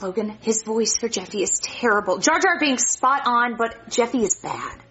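A blunt woman in a comedy sketch, with a high, lively voice. The audio is dull, with faint clicking noises behind her. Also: normal speed, a little hiss or hum.

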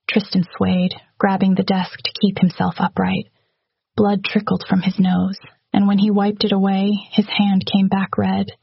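Woman, story narration, flat delivery, gravelly husky tone, dry close sound. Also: medium pitch, normal speed, dry recording, dull audio. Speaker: audiobook narrator. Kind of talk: scripted narration.

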